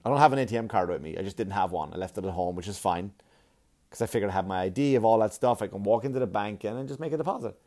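A man doing a stand-up comedy set, telling stories in a profane, animated way. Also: lowish voice, rapid-fire. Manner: profane, animated storytelling with exaggerated quoted voices.

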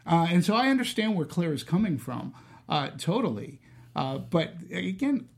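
Man, casual film chat, slightly higher voice, animated, restarts often. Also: normal speed, creaky, slightly rough. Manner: animated, thinks aloud with many restarts. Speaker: podcast co-host.

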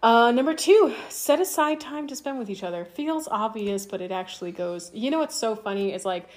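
A woman's voice: a little high, expressive, moderate pace, a little mellow. A woman co-hosting a podcast in casual chat, joking and rambling through her points. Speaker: podcast co-host.

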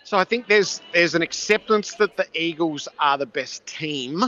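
A man's voice: on the high side, moderate pace, bright, forceful tone, highs cut off. A man who calls football games, describing the build-up from his stadium broadcast position in vivid, storytelling detail. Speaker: NFL commentator calling the game. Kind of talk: on-location phone-in chat.

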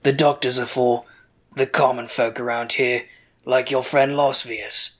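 A gruff caravan guard brushes people off with short, dismissive lines, as a game master plays him. His voice sits at an ordinary middle pitch. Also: level tone, a little slow, close to an everyday voice. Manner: curt and dismissive.

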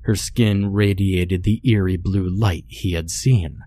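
Deep, slow man narrating horror. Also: fairly even intonation, mellow, no echo. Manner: measured, ominous storytelling. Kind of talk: scripted horror story narration.

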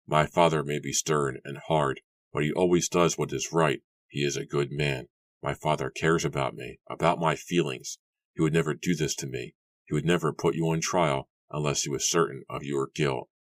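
A man voicing a cold, bitter young man who speaks in a low whisper. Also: fairly even intonation, moderate pace, no room sound.

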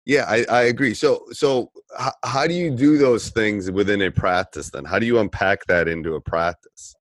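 A man's voice: fairly low pitch, moderate pace, no echo, studio quality. A middle-aged man with a Northern US accent, hosting a coaching podcast, who jumps in eagerly and repeats himself. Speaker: podcast host and basketball coach. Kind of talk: casual podcast interview.

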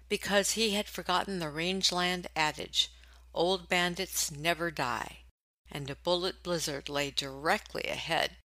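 Bright, forceful promo announcer for a western novel; dry read. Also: medium pitch, no echo, poor audio. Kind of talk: scripted book promo.

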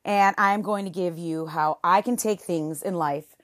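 A woman's voice: fairly low pitch, unhurried, no echo, studio quality. A woman in her forties hosting a podcast, talking in a playful, sarcastic and encouraging way. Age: 40s. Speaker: podcast host. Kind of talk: motivational podcast monologue.

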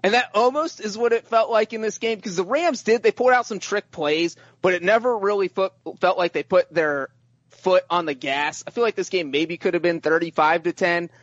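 High-voiced excitable man talking football. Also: moderate pace, dry recording, dull audio. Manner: excitable, repeats words when starting sentences. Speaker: podcast panelist. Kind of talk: casual sports chat.

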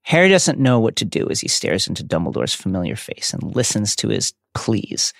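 Gravelly, animated male podcast co-host. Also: fairly low pitch, brisk, no echo, clean studio sound. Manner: reads passages aloud and comments with emphatic asides. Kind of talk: book discussion podcast.

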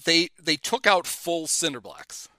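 A middle-aged man spins anecdotes in a relaxed chat, his bright voice rising and falling in a lively way. He slips into quick impressions of the people in his stories. The sound is dry and close. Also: on the high side, no room sound. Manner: animated anecdotes, acts out quotes. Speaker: guest telling stories. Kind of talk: casual storytelling chat.

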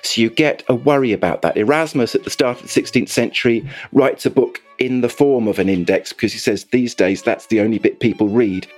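A man of ordinary pitch tells history stories as an interview guest. He is animated and thoughtful, often restarting his sentences as he finds the words. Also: brisk, few pauses, soft background music. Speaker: author and guest. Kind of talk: conversational interview.

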